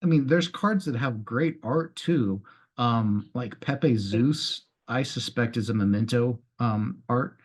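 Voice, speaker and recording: Interviewer, man, mid-pitched, hesitant delivery with lots of ums. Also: slow. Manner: hesitant, full of fillers. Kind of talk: casual interview chat.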